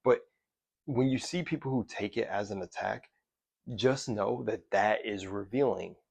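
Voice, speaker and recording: This man vlogs in a casual, motivational way, swearing freely and restarting his sentences as the thoughts come. His voice sits low with a gravelly fry. The recording is dry and close. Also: unhurried, darkish tone, dry recording. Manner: loose, profane, rambling with restarts. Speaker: self-development vlogger. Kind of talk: casual motivational talk to camera.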